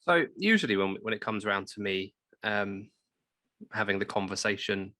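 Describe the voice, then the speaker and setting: A man co-hosting a podcast, speaking earnestly and a little haltingly in casual chat. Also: on the low side, expressive, pushed and bright, dry recording. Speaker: podcast co-host.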